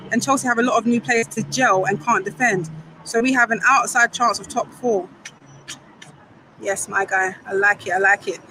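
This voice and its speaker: A young Caribbean woman from Grenada and Saint Vincent, a football fan streamer, reads viewers' comments during an outdoor live stream near a football stadium and answers with playful banter. Her voice is slightly high, pushed and bright, on a rough recording with a little hiss or hum.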